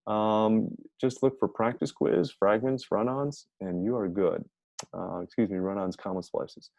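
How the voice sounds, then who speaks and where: A man teaching a casual grammar lesson, talking in a chatty, energetic way and thinking aloud as he goes. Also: fairly low pitch, a little slow, gravelly, no echo, poor audio.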